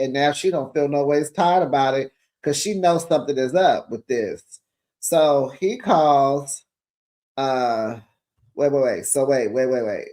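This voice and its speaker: A man with a fairly high voice runs through a reality show recap in gossip mode. He is sassy and chatty, sprinkling in honey and child as he talks to his viewers like friends. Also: a little mellow. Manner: sassy, chatty, addresses viewers as besties and y'all; calls listeners honey and child.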